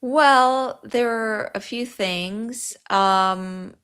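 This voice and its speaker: A New York woman whose first language is Yiddish, and who speaks with a Yiddish accent, chats as a podcast guest and frequently breaks off mid-sentence. Her voice is a little high, extremely slow, fairly bright and clean in tone.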